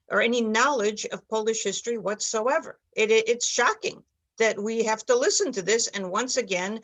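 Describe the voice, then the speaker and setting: A woman's voice: medium pitch, fairly bright tone. A woman hosting a scripted talk show, emphatic in manner and repeating words for stress. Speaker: host.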